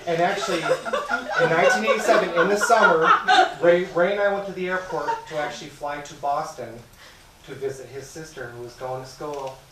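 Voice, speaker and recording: A man speaking at a memorial service, telling a lively story with laughter. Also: on the high side, moderate pace, crowd noise. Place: congregation hall. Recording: echoey room from far off, noisy.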